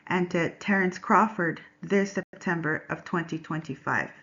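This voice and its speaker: Woman, low gravelly voice, measured scripted student presentation, dull lo-fi audio. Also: a bit bright. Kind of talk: scripted class presentation narration.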